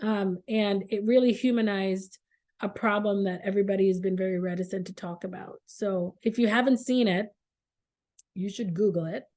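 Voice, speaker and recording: A middle-aged woman speaks earnestly as a guest on a video call, her voice sitting at an ordinary middle pitch. She pauses often with fillers as she explains. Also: steady tone, a little mellow. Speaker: guest surgeon. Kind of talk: virtual seminar talk.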